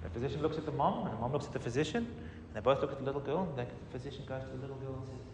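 A middle-aged man, a pastor, telling a testimony in a sermon with animated storytelling that swings from loud to soft. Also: mid-range voice, very fast, background noise. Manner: animated storytelling, rising and falling in volume. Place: church hall. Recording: roomy hall reverb, distant mic.

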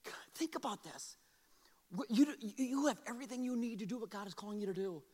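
A man pastor preaching a sermon in a church, animated, repeating words and acting out quotes. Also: very high-pitched, brisk. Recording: long reverb of a large hall.

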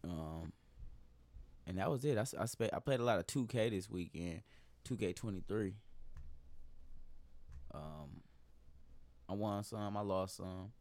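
Laid-back low-voiced podcast host man. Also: measured pace, long pauses, darkish tone, no echo. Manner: laid-back, swearing, storytelling with laughs. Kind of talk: casual podcast chat.

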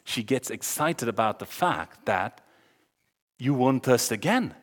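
Animated preacher man in a big echoing hall. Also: mid-range voice. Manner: animated, acts out the dialogue with sudden loud exclamations. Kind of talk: sermon. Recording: long hall reverb.

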